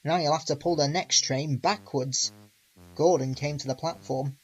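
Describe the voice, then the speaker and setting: A man reading a children's storybook aloud as narrator, with a lively, expressive delivery. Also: fairly high pitch, moderate pace, rough recording.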